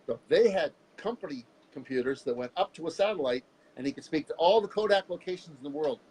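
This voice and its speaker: A man from Canada talks openly in a relaxed interview, telling stories with lively energy. His voice sits fairly high for a man. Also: quick pace, slight background noise, low-quality recording. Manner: animated, candid storyteller who jumps into voices. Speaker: guest. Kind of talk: casual interview storytelling.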